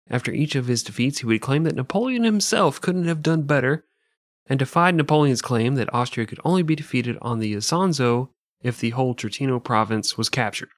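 A man's voice: mid-range voice, no echo, studio quality. A man co-hosting a comedy podcast, sarcastic and profane in casual banter. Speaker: podcast co-host.

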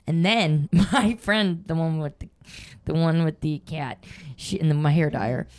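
A woman's voice: low-pitched, a little slow. A young woman, a comedian guest on a podcast, telling rambling, profane stories in casual chat. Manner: rambling storytelling full of "like" and swearing.

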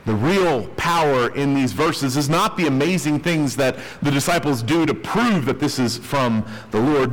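Emphatic male pastor preaching in a hall. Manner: emphatic preaching, voice dropping low on key words. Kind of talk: sermon.

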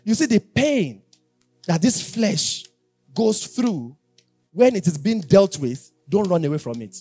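A male preacher delivers his sermon in a high, insistent voice, hammering phrases again and again before dropping to quiet asides. The sound is dry and close, with faint music underneath. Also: sing-song, measured pace, slightly rough, dry recording. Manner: emphatic, repeats phrases, swings between loud exhortation and quiet asides.

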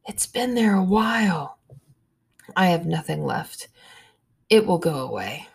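A woman narrating a first-person story in a hushed, measured way, with soft whispered asides. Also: on the low side, big pitch swings, gravelly, slightly rough.

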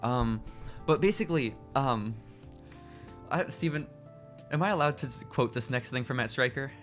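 A man co-hosting a wrestling podcast, chatting casually with quick, laughing bursts. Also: medium pitch, fairly bright tone, faint music behind. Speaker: podcast co-host.

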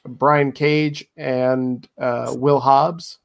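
A man's voice: mid-range voice, little pitch movement, very slow, vocal fry. A man co-hosting a podcast, adding brief, dry remarks in casual chat. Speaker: podcast co-host.

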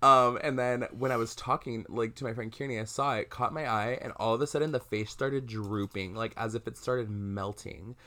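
A young man at a middle pitch co-hosting a relaxed podcast. He tells a ghost story in an animated, rambling way, full of "like" and restarts. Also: normal speed, hardly any pauses. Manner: animated storyteller, many "like" fillers. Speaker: podcast co-host. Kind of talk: casual chat, telling a ghost story.

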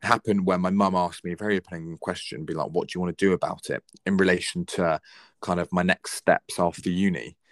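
A man's voice: low-pitched, fairly even intonation, fairly quick, dry recording, studio quality. A young man in his twenties talking earnestly and reflectively, giving heartfelt advice in a casual conversation.

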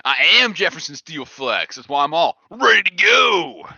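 A man's voice: on the high side, sing-song, moderate pace, vocal fry, pushed and bright, slightly rough, dry recording, lo-fi sound, full character voice. A man doing an improvised comedy voice of a vain, macho forty-five-year-old pro skier full of meathead bravado. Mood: bragging. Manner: boastful meathead bravado, slangy.

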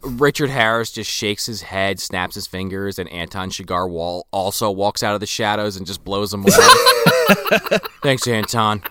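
A man co-hosting a casual movie podcast, animated and joking, swearing and laughing as he recaps scenes. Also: on the low side, measured pace, no echo, clean studio sound. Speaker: podcast co-host.

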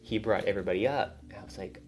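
A young man, a college student, venting in a rambling, casual monologue, swearing often and getting louder as he gets worked up. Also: lowish voice, quick pace, a little hiss or hum. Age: young adult. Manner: rambling, swears a lot, voice climbs when riled up.

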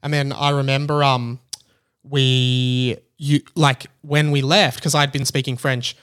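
A man tells a relaxed travel story as a podcast host. He rambles loosely and leans on plenty of "like" and "um" as he recalls the details. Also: mid-range voice, unhurried, smooth. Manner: rambling, filler-heavy storytelling. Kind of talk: casual travel recap chat.

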